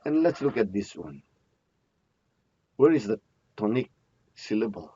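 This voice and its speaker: A very animated man with a fairly low, mellow, husky voice teaches grammar in an unhurried classroom lecture. He repeats key terms a lot and asks questions only to answer them himself. The sound is dull, muffled and lo-fi, with no echo.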